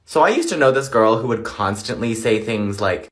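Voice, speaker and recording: A man's voice: mid-range voice, lively intonation, fast talker, hardly any pauses, a bit bright. A man with a mid-range voice tells a casual story in a dry, sarcastic way. He leans into mockery as he recounts what others said.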